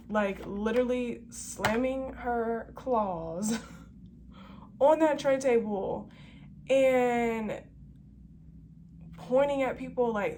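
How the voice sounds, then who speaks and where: Animated, chatty woman storyteller. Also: fairly high pitch, takes it slowly, slight background noise. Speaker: flight attendant telling a story. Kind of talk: casual storytelling vlog.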